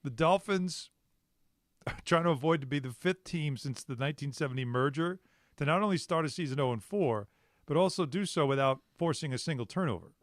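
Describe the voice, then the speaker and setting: A man with a slightly high voice co-hosts sports talk radio, wry and prodding his partners while dropping in stats. His voice comes through dry and close on a studio microphone. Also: expressive, no echo. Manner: wry, quick to prod and quote stats.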